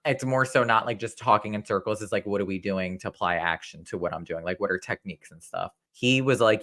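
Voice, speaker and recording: A man's voice: lowish voice, fast, few pauses, fairly bright tone. A man in his thirties co-hosting a casual podcast, rambling with lots of fillers about his worries. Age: 30s. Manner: rambling, filler-heavy, confessional. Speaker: co-host.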